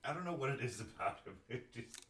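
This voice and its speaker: A man's voice: medium pitch, expressive, fast talker, a bit bright, distant mic. A man guesting on a casual chat, making dry, brief wry remarks. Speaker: podcast guest. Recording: roomy echo, off-mic.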